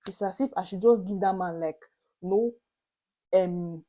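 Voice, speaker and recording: A woman's voice: medium pitch, a little slow, pauses often. Nigerian woman telling a dramatic story. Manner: animated, dramatic retelling with Pidgin asides. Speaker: vlogger. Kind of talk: storytelling to camera.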